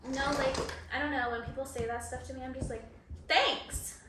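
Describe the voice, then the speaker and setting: A young woman with a high voice co-hosts a casual podcast, chatty and playfully sarcastic, filling her speech with "like". She is recorded some distance from the mic in a strongly echoing room, with a faint hiss behind. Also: flat delivery, fast talker. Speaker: podcast co-host. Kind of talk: casual chat.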